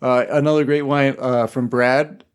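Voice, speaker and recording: A man's voice: mid-range voice, fairly even intonation, moderate pace, smooth. A man co-hosting a podcast in casual chat, talking eagerly about favourite movie lines. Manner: enthusiastic, quotes lines eagerly. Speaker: podcast co-host.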